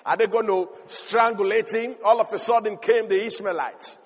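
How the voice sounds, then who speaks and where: High-voiced preacher in an echoing hall. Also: male voice, normal speed. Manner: animated storytelling, building to emphatic shouts. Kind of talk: sermon. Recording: long hall reverb.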